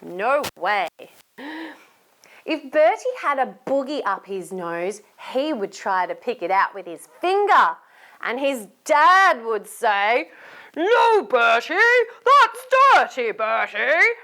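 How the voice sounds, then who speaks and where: A woman with an Australian accent, a children's entertainer reading a picture book aloud, animated and asking young listeners to join in. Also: a little high, slow pace. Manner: animated, asks young listeners questions and invites them to join in.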